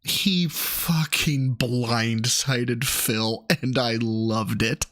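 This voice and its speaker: A man in casual stream chat, telling a story excitedly and swearing freely. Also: mid-range voice, very slow. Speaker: streamer guest.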